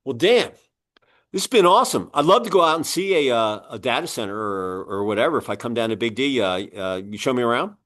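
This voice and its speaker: A man hosting an interview, chatting casually and telling animated stories. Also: mid-range voice, fairly quick. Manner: animated storyteller, acts out other people's voices. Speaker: podcast host and publisher.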